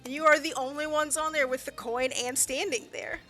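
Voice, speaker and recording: A woman's voice: high-pitched, fairly even intonation, normal speed, a bit bright, soft background music. A woman running a tabletop game as game master, chatty and full of fillers as she narrates.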